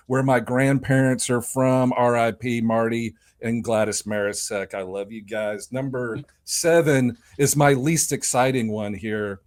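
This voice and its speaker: A man co-hosting a casual fantasy sports podcast. He rambles and jokes, and he swears casually. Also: lowish voice. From lives in Nashville. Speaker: podcast co-host.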